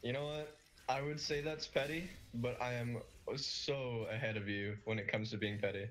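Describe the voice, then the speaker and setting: A young man from Canada chatting casually with friends during an online game, swearing often and breaking into loud laughs. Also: medium pitch, fairly even intonation, moderate pace. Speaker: gamer on voice chat. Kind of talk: casual gaming chat.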